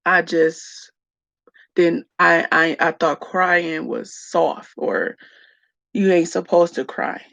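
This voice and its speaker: A woman speaking slowly and reflectively to her viewers, tearful. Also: lowish voice, creaky, fairly bright tone, no room sound. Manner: slow, reflective, addresses viewers as y'all. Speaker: vlogger. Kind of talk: emotional personal talk to viewers.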